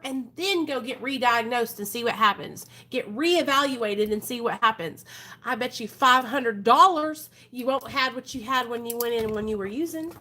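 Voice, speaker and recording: A woman's voice: a little high, moderate pace, bright, forceful tone. A woman hosting a recovery livestream from her home, talking to her viewers in a frank, earnest, casual way. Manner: frank and earnest, often addresses viewers as "you guys". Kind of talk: casual live-stream talk to viewers.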